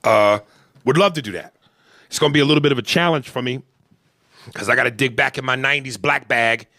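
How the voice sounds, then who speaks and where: A man's voice: mid-range voice, a little fast, dry recording, studio quality. A man co-hosting a podcast, telling crude jokes and mimicking regional accents in comedic banter. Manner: animated, mimics accents, profane. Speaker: podcast co-host.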